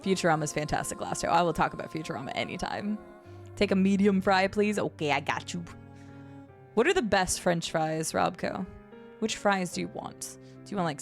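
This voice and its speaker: A woman streamer chatting casually with her viewers. She has a low vocal fry at the ends of her phrases, rambles, and laughs often. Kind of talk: casual live-stream chat, reading and answering chat. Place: home streaming setup.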